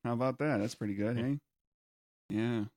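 A man's voice: medium pitch, steady tone, moderate pace, a little mellow, no echo, studio quality. A man co-hosting a casual chat, riffing on jokes with a lot of laughter, in a small room. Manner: jokey, riffs on bits with laughter. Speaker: podcast co-host.

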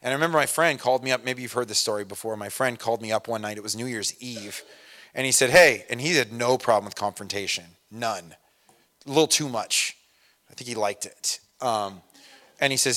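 A man's voice: medium pitch, a little fast, pushed and bright. Man preaching a casual, storytelling sermon. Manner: conversational, self-deprecating, storytelling with laughs. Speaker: pastor.

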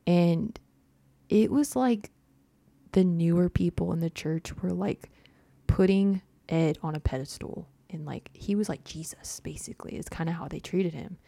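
A woman's voice: on the low side, a little slow, vocal fry, mellow, no room sound. A young woman telling a personal story in casual chat, full of "like" and little laughs. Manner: chatty, heavy use of "like", laughs often.

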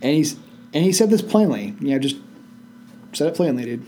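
A man co-hosting a casual Bible study in a library, reading verses aloud and adding relaxed, slangy asides. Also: fairly high pitch, brisk, a little hiss or hum. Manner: laid-back, slangy asides. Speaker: co-host reading scripture aloud.

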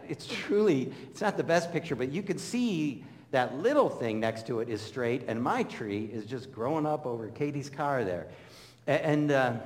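A middle-aged man preaching a sermon in a big reverberant hall. He tells stories with animation and slips into the voices of the people he quotes, keeping a middle pitch. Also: a little mellow. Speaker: pastor.

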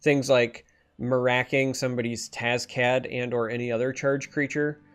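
A man's voice: medium pitch, level tone, moderate pace, smooth. A man from northern Michigan with a slightly nasal accent, co-hosting a casual stream chat and explaining game rules at length. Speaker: stream co-host.

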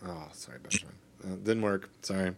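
A man's voice: low voice, moderate pace, vocal fry. A middle-aged Canadian man co-hosting a podcast in casual chat, rambling with many restarts and fillers. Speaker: podcast co-host.

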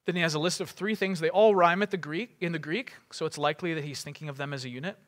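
A man's voice: a little high, fast talker, fairly bright tone. A man preaching a sermon in a casual way, full of fillers and asides.

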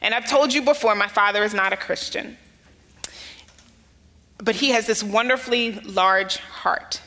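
An American woman pastor with a bright, forceful mid-range voice speaks a little slowly as she preaches. She earnestly tells a personal story, pressing key phrases with rising emphasis, and the recording carries a long hall reverb.

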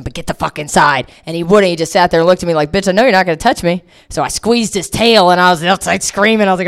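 A woman's voice: low voice, smooth. A young woman from Delaware doing a stand-up comedy set, rambling through crude, self-deprecating stories with plenty of swearing. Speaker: stand-up comic.

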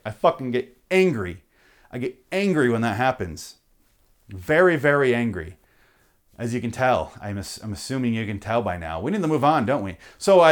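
A man hosting a podcast, ranting comically with heavy swearing and frequent self-interruptions. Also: mid-range voice. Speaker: podcast host. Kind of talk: comedic rant.

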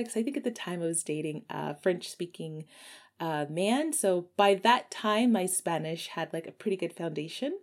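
A woman's voice: fairly low pitch, moderate pace, darkish tone. A woman casually telling a story about her past, chatty and full of fillers. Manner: chatty, lots of fillers, reminiscing.

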